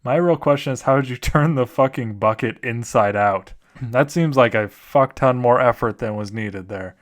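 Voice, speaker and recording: Young male host, casual comedic reader, medium pitch, swears freely, laughs at the material. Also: moderate pace. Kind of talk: comedic story reading.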